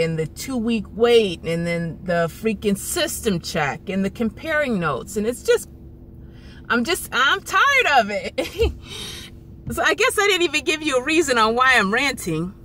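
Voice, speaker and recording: A woman's voice: mid-range voice, sharp tone, a little hiss or hum. A woman in her thirties venting to camera in a frustrated, rambling way, often repeating herself. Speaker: vlogger. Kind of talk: emotional venting vlog.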